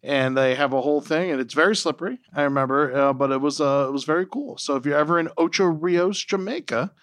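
Young guy cohosting a podcast, rambly and swears a bit, kinda high voice, dry close sound. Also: quick pace, a bit bright, no echo. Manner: rambling, profane, jokey. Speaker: podcast co-host. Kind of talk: casual chat.

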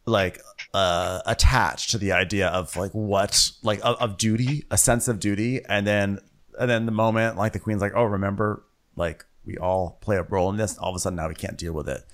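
A man's voice: on the low side, steady tone, moderate pace, a bit bright. A man co-hosting a casual comedic TV recap, chatty and rambling as he acts out characters. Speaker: podcast co-host.

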